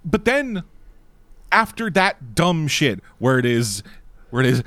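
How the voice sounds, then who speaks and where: A man's voice: a little high, sing-song, takes it slowly, fairly bright tone, dry recording. Blunt, profane man reviewing a movie. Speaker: podcast co-host. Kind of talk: casual movie review chat.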